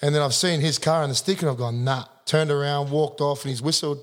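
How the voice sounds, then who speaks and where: A man's voice: a little high, fast talker, big-room sound. An Australian man in his thirties, a guest telling a blunt, sweary story in casual conversation. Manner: blunt, sweary, animated yarn-spinning.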